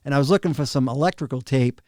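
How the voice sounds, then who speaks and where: A middle-aged man, a drum tech, casually telling backstage stories on a podcast, animated and often laughing. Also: medium pitch, fast talker, dry recording, clean studio sound. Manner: animated, laughs often, acts out quoted people. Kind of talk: casual storytelling of road anecdotes.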